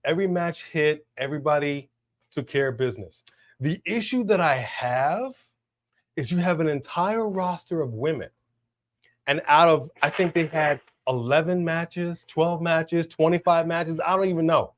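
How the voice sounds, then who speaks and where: A man co-hosting a live wrestling watch-along stream, chatting casually, slangy and animated as he reads out viewer messages. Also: fairly high pitch, normal speed.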